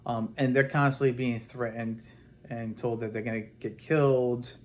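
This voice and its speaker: A man casually recapping a comic book plot, animated and rambling, acting out the characters' lines as he goes. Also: medium pitch, normal speed, slight background noise. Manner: rambling and animated, with many restarts and quoted dialogue.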